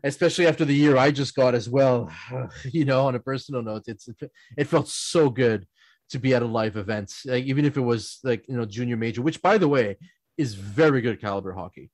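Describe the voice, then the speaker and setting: A man's voice: medium pitch, a little fast, dry recording. Québécois man telling hockey stories, dry mic. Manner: animated anecdotes, quotes others in playful voices, laughs often. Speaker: podcast host. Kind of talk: casual storytelling chat.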